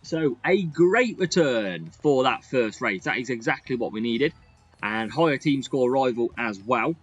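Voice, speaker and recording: A man giving lively, excitable commentary over a racing game he is playing. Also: mid-range voice, unhurried, breathy edge, dry recording, soft background music. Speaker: gaming YouTuber. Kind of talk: gameplay commentary.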